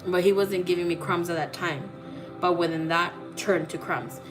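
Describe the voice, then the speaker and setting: A woman's voice: fairly low pitch, fairly even intonation, normal speed. A woman reading tarot, telling a personal story in a blunt, profane way and acting out the dialogue. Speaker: psychic tarot reader. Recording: clear music playing under voice. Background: music.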